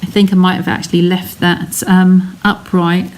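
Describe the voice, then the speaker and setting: A woman's voice: fairly low pitch, level tone, normal speed, darkish tone, a little hiss or hum. An English woman giving a live card-making demonstration, chatting casually and narrating each step while answering viewers' comments. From England. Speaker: craft demonstrator.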